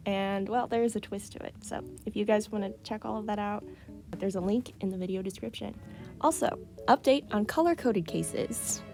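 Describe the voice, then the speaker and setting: A woman's voice: medium pitch, normal speed, music in the background. A young woman casually reading her old fan stories aloud and chatting about them, giggling and reacting as she goes.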